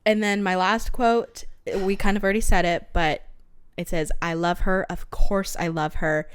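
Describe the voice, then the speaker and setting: Casual young woman podcast host, bit low pitched, excited book talk, laughs a lot. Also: moderate pace, clear, resonant tone. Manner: animated, reads book quotes aloud, laughs often. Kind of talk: casual book-discussion chat.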